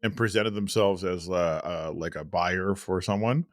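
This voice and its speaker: A man's voice: low voice, moderate pace, no room sound, studio quality. A man co-hosting a food podcast, rambling casually with lots of fillers. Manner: rambling, filler-heavy, laughs often. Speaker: podcast co-host.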